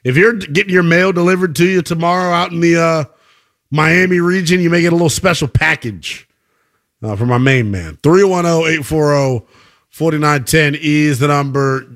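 Casual joking sports radio host. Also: male voice, fairly high pitch, normal speed, a bit bright.

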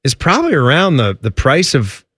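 A man's voice: mid-range voice, wildly swooping pitch, normal speed, a bit bright, breathy edge, dry recording, studio quality. A man co-hosting a casual talk show, conversational and filler-heavy. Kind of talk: casual chat.

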